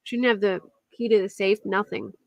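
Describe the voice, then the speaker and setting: A woman's voice: mid-range voice, steady tone, fairly quick, gravelly, darkish tone, no echo. A young woman hosting a casual true-crime live stream, chatting and answering viewers at her desk mic. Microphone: desk mic at a computer.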